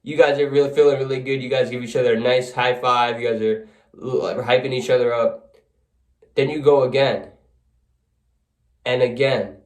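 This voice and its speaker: A man's voice: medium pitch, steady tone, normal speed, pauses often. A man telling a casual second-person story, setting the scene vividly, in a roomy, echoey recording. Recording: roomy echo.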